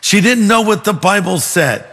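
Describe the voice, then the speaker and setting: Male pastor, sermon, fairly high voice, earnest and emphatic, long reverb, faint music. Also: lively intonation, pushed and bright. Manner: earnest, emphatic, slows down to stress points.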